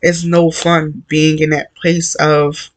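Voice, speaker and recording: A man's voice: a little high, completely flat delivery, slow pace. A man giving an earnest, conversational devotional talk, repeating his points and filling gaps with "like" and "you know.". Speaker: Christian encourager.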